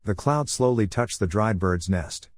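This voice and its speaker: A man reading a scripted story recap in a flat, even narration style on a close mic. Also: lowish voice, measured pace, no room sound.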